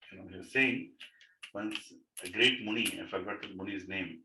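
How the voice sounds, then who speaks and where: A man's voice: fairly low pitch, normal speed. A man leading a devotional gathering in a home, telling a story animatedly, chuckling and often asking "right?". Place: living room of a home. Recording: echoey room, mic far off, faint noise.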